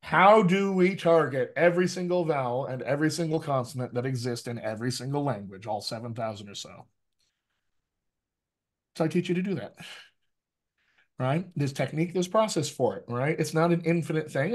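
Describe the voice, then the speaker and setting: A male dialect coach leads an online workshop, talking in an animated, emphatic way and repeating phrases to drive his points home. His voice sits a little higher than most men's. He sounds like he's on a video call. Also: moderate pace. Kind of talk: energetic workshop teaching.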